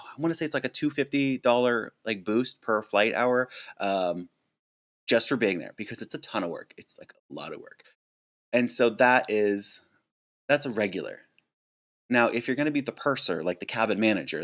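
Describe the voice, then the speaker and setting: A man casually answering viewer questions on a live stream, chatty and animated, with lots of fillers and restarts, speaking close to a desk mic at home. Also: medium pitch. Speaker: flight attendant streamer.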